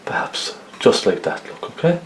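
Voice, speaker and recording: A man's voice: moderate pace, noisy background. A man giving a chatty, step-by-step oil painting lesson, often checking in with tag questions. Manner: chatty, lots of tag questions like okay and isn't it. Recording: roomy echo.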